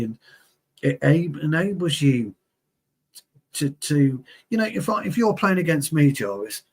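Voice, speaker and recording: A man in his forties talks football in a heated, swearing, animated way. His voice is husky and a little breathy. He drifts into stories from his playing days. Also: medium pitch. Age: 40s. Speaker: co-host, former player. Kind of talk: heated casual football chat.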